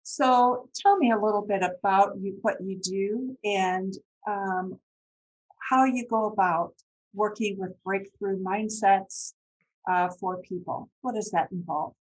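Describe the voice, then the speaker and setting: Husky-voiced female podcast host. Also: mid-range voice, slow, a little mellow, poor audio. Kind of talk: interview conversation.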